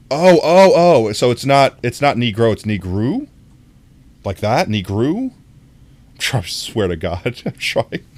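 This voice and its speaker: A young American man chatting casually on a live stream, reading chat aloud, rambling and often laughing. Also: on the low side.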